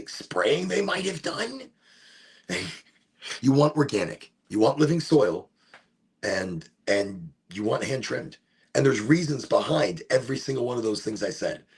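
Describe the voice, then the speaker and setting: A man's voice: medium pitch, creaky, slightly rough. A man hosting a live stream, rambling and swearing in a laid-back chat. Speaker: livestream host.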